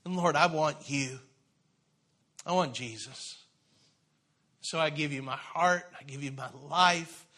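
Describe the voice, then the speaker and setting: A man preaching in church, telling his own conversion story, moving from hushed confession to loud, fervent exhortation. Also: a little high, slow, long pauses. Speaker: preacher sharing testimony. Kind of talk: sermon testimony. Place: church sanctuary.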